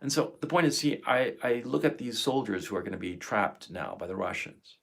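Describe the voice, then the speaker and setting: A man's voice: mid-range voice, lively intonation, brisk, vocal fry, fairly bright tone. A man in his fifties ranting on a live stream, emotional and profane. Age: 50s. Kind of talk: angry live stream monologue.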